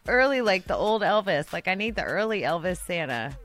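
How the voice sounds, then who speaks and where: A woman's voice: on the low side, lively intonation, a little fast, a bit bright. A woman hosting a radio show, teasing her co-hosts and laughing a lot, with faint music behind. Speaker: radio host. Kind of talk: casual radio banter.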